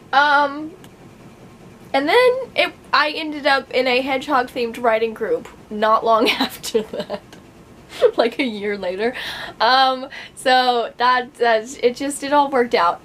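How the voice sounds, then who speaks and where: A woman's voice: fairly high pitch, slow, fairly bright tone, slight background noise, rough recording. A young adult woman vlogging in casual chat to camera, rambling with many fillers and frequent laughs.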